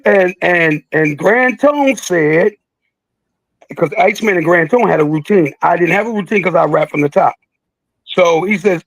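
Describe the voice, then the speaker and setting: Gravelly, high-voiced older man. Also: normal speed, no room sound, poor audio. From Philadelphia. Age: 60s. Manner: animated, jokey, acts out quotes with big voice jumps. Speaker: guest, veteran rapper. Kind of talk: casual storytelling interview.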